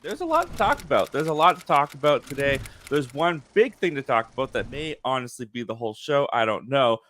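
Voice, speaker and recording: A man's voice: medium pitch, fairly even intonation, fairly quick, fairly bright tone. A man hosting a casual live movie chat show, easygoing and chatty with firm opinions. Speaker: host.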